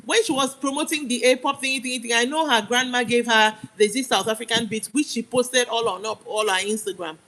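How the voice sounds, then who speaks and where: A woman's voice: on the high side, fairly even intonation, brisk, few pauses, fairly bright tone, rough recording. Emphatic Nigerian woman ranting live. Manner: emphatic, argumentative, repeats points. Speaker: live streamer. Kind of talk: heated live-stream rant.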